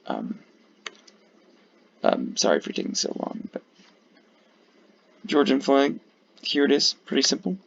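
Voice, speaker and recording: A man's voice: mid-range voice, wildly swooping pitch, unhurried, vocal fry, pauses often, slight background noise. A tired man giving casual, rambling commentary full of fillers and the odd curse while ranking flags. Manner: rambling, profane, many fillers. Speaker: video creator ranking flags. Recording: dull lo-fi mic.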